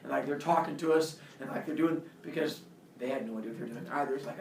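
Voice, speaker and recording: A man telling a childhood fight story in an animated way, laughing and acting out the voices. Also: fairly high pitch, quick pace, a little hiss or hum. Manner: animated, laughing, acts out quotes. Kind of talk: personal storytelling talk. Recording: roomy, distant camera audio.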